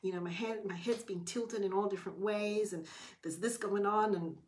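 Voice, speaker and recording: A woman's voice: medium pitch, moderate pace. Chatty middle-aged woman telling a story. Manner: chatty, animated, with hushed asides. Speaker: vlogger. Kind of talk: casual storytelling to camera.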